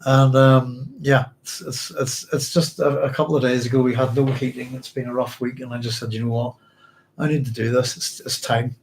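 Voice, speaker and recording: A middle-aged man from Northern Ireland whose accent blends Northern Irish and English sounds. He talks in a tired, reflective way to his audience, stopping and restarting his sentences often, at a mid-range pitch. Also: flat delivery, slight background noise. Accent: mixed Northern Irish and English. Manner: halting, many restarts and fillers, reflective. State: physically tired. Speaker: podcast host. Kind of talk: emotional personal storytelling to a live audience.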